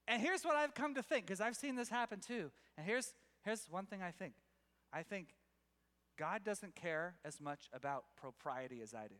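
Bright, high-voiced male preacher in a hall. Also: moderate pace. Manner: animated storytelling with restarts and chuckles. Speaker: pastor. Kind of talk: sermon.

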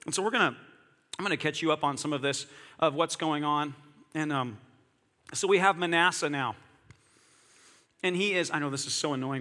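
A man preaching a conversational sermon in an animated, self-deprecating way, talking straight to his listeners. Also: fairly high pitch, moderate pace, long pauses, long reverb tail. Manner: animated, self-deprecating, talks directly to the audience.

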